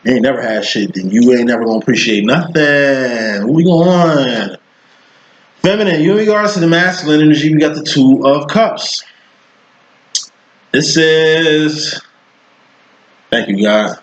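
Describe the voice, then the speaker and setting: Man, tarot reader, casual cursing monologue, slangy and rambling, mid-pitched voice, dull lo-fi sound. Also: animated, brisk, hardly any pauses.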